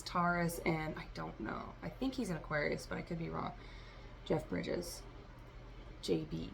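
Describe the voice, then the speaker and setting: A woman with a low, gravelly voice full of vocal fry gives a tarot reading for her vlog. She rambles and free-associates, speaking straight to her listeners, with a faint noise underneath. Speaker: tarot reader.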